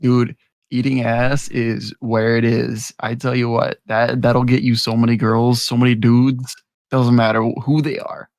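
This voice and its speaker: A man's voice: mid-range voice, little pitch movement, a little slow, darkish tone, dry recording. Young man, crude rambling storyteller. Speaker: podcast co-host. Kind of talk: casual chat.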